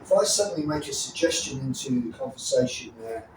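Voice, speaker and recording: A man's voice: medium pitch, sing-song, normal speed, few pauses, a little mellow, distant mic, slight background noise. A man teaching self-defense moves, blunt and profane, often checking in with the listener. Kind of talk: demonstration teaching. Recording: echoey room, off mic, faint ambience.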